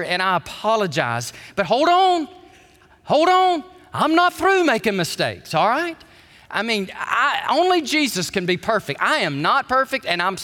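A man preaching a sermon as pastor, animated, dropping low and soft and then climbing high and loud. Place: church sanctuary. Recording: church hall reverb.

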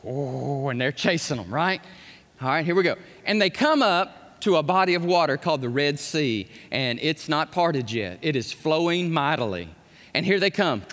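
A man delivers a sermon in a high, lively voice that swoops widely as he acts out the characters of scripture. He is recorded in an echoey large hall with a long reverb, his voice at times drifting away from the mic. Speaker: pastor.

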